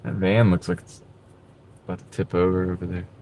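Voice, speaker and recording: A man with a slightly low voice talks casually to his live-stream viewers from the driver's seat. He rambles in a laid-back way and drops "dude" here and there. He is recorded on a small clip-on mic. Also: little pitch movement, brisk, a little mellow, a little hiss or hum. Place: in a car while gig driving. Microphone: wireless clip-on mic.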